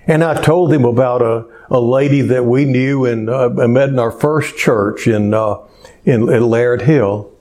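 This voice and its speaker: Slow-spoken male pastor preaching. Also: medium pitch, mellow. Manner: slow storytelling delivery. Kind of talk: sermon.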